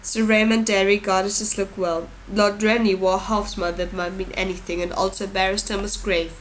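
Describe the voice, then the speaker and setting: A woman's voice: mid-range voice, normal speed, a little hiss or hum, rough recording. Woman reading an audiobook. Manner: steady, even storytelling. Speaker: audiobook reader. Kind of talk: audiobook narration.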